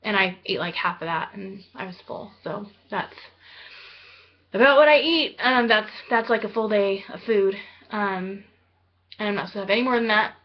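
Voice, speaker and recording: A woman's voice: mid-range voice, moderate pace, lo-fi sound. A woman in her thirties giving a casual, earnest vlog update, talking with lots of ums and likes and getting a little teary. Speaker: vlogger. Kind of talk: casual weight-loss surgery update vlog.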